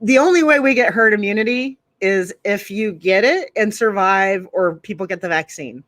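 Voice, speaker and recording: Guest, candid casual chat, quick to laugh, crisp bright tone. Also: mid-range voice, dry recording. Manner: candid, self-deprecating, laughs easily.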